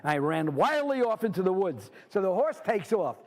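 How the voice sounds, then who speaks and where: A man's voice: high voice, big pitch swings, moderate pace, darkish tone. A man teaching a literature class, explaining a story and reading passages from it in a conversational, digressive way. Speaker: literature instructor. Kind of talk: lecture with read-aloud passages. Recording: long reverb from a lecture hall.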